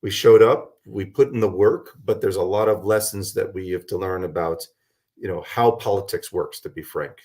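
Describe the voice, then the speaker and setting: A man's voice: deep voice, moderate pace, darkish tone. A man who is a guest on a talk radio show, his voice worn out, giving a meandering, hesitant debrief with many fillers. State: voice worn from a long night. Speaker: guest, local political organizer. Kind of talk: radio interview, recapping events.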